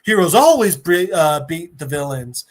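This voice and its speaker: A man voices a scheming male brain in a jar who explains his plan in a halting, rambling monologue. The voice stays close to the speaker's own but bounces through a lively pitch range. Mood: explaining.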